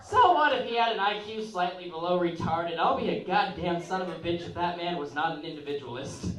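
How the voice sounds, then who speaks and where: A man's voice: high voice, a little fast, a bit bright. A young man performing a rambling, crude, self-mocking open-mic stand-up set on a comedy club stage. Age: young adult. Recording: echoey room, picked up from a distance.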